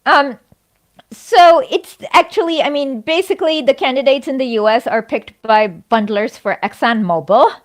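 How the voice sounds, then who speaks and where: Woman, high voice, quick animated talk, lots of fillers, casual political chat. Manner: fast, animated, many fillers and restarts.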